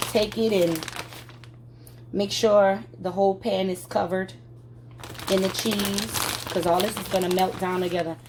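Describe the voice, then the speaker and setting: A woman's voice: mid-range voice, background noise. A woman chatting through a cooking demonstration in her home kitchen, folksy and addressing viewers directly. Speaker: cooking vlogger.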